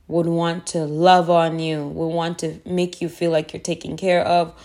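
A woman's voice: lowish voice, a little mellow. A woman hosting a devotional podcast, speaking earnestly and repeating phrases for emphasis. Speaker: faith podcast host.

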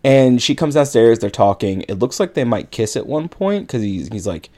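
Co-hosting a podcast, a man casually recaps a film's plot in a rambling way, packing in likes and you-knows. His mid-range voice is warm and very animated, moving at a moderate pace.

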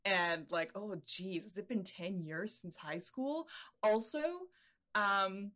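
A woman's voice: mid-range voice, expressive, slow pace, a bit bright. A woman in her late twenties, co-hosting a podcast in casual, enthusiastic chat with many fillers. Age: late 20s. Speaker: podcast co-host.

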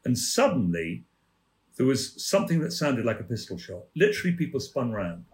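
A man's voice: medium pitch, big pitch swings, moderate pace, a little mellow. Older man telling theatre stories. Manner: leisurely, amused, acts out the people in his stories. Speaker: guest, theatre producer. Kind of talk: anecdotal storytelling.

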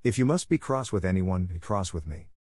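A man's voice: sits low, animated, brisk, a little mellow, slightly rough, dry recording, studio quality. A man voicing an eager, dramatic young girl who talks in an earnest, impulsive, pleading way.

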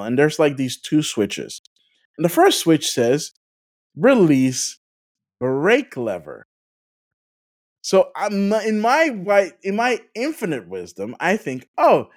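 Casual gaming podcast host, animated storyteller, lively swooping pitch. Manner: animated, full of "like" fillers; laughs through stories.

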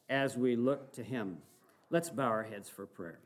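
A man's voice: mid-range voice, measured pace. An older man in his sixties preaching a sermon, telling stories earnestly and rising to fervent exhortation.

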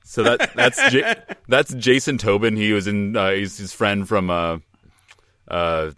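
A man's voice: on the low side, measured pace, smooth, no echo. A man co-hosting a podcast in casual chat, rambling and laughing as he goes. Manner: rambling, animated, laughs often. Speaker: podcast co-host.

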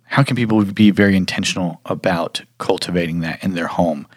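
Male host, very low voice, measured questions, dry close mic. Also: fairly even intonation, no echo. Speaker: podcast host. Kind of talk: interview questions.

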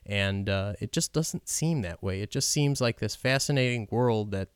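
A man's voice: on the low side, smooth, no echo, studio quality. A man giving an unscripted film commentary, hesitant and full of ums and restarts, talking with open admiration.

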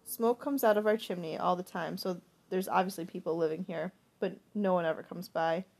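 Breathy woman reading a diary-style novel. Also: fairly low pitch, fairly quick, darkish tone. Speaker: audiobook narrator. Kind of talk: first-person diary-style audiobook narration.

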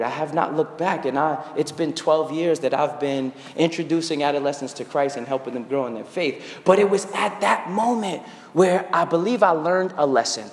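A man's voice: high-pitched, echoey room, in a large hall. A man in his thirties preaching a sermon as a guest preacher, telling a personal story with earnest rhetorical asides. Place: church sanctuary.

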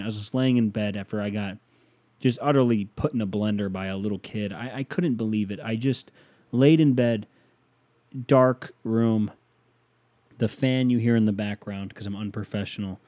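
In a bedroom where a fan is running, a man hosting a podcast rambles through a comic story, poking fun at himself and erupting now and then into angry rants. He speaks at a moderate pace in a fairly low, mellow voice, with no echo.

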